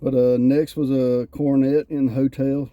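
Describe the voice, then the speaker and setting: A man's voice: medium pitch, normal speed, dull audio, a crowd in the background. A man, co-hosting a casual wrestling review and animatedly retelling scenes. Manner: animated storyteller, acts out quotes. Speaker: podcast co-host reviewing wrestling. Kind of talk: casual chat.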